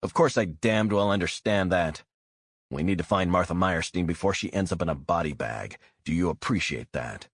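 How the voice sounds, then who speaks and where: A man's voice: low-pitched, normal speed, breathy edge, dry recording, clean studio sound. A man voicing an exasperated male agency supervisor who pushes back firmly. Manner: exasperated, firm.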